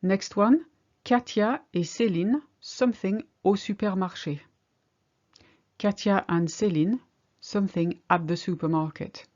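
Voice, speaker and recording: A woman's voice: medium pitch, measured pace, darkish tone, highs cut off. A woman teaching a language lesson, patiently explaining each example step by step. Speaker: French teacher.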